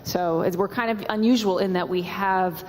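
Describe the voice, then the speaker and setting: A woman's voice: on the low side, fairly even intonation, moderate pace, darkish tone, slight background noise. A woman who volunteers with a theater guild, chatting and introducing people while moderating audience questions. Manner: friendly, chatty, laughing. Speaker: parent volunteer moderating talkback. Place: school auditorium. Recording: reverberant auditorium with crowd.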